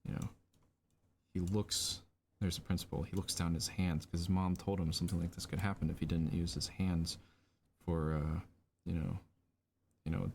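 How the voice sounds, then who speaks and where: Low, gravelly man narrating a storyboard. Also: slight background noise. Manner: lively, rambling scene narration with fillers. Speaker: storyboard artist streaming a lesson. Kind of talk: improvised livestream narration.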